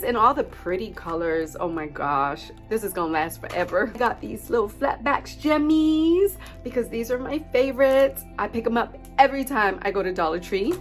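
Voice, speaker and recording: This is a woman vlogger with a fairly high voice, chatting through a craft haul at home. She gushes and exclaims, and her pitch leaps around constantly. Faint music runs under her talk. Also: unhurried. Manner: gushing, excitable, addresses viewers as friends. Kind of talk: casual haul video.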